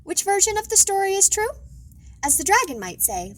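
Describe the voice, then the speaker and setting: Brief: high, animated woman librarian, playful picture-book read-aloud. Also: normal speed, slight background noise, low-quality recording. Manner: expressive, playful storytelling. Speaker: children's librarian. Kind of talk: children's storytime read-aloud.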